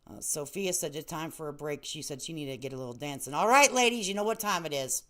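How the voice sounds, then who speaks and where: A woman's voice: deep voice, animated, fast, a bit bright. Late-30s woman streamer, casual and chatty, laughs a lot, calls everyone honey. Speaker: livestream host. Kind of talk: casual livestream chat.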